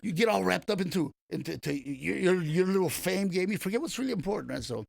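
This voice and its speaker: Older male comedian, raspy and fairly high-pitched, dry studio sound, meandering anecdotes full of restarts. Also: expressive, fast talker, dry recording. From East Los Angeles. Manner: rambling anecdotes with many restarts and fillers. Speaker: comedian guest. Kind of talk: casual storytelling interview. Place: radio studio.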